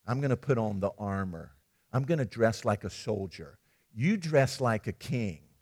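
A man's voice: lowish voice, lively intonation, normal speed, darkish tone. A man voicing a scheming, self-willed ancient king in a retold story, speaking casually with hedges and stammers. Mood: insistent.

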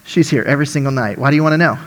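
Man as blunt, gruff diner owner, low-key. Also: very fast, fairly bright tone, close to an everyday voice.

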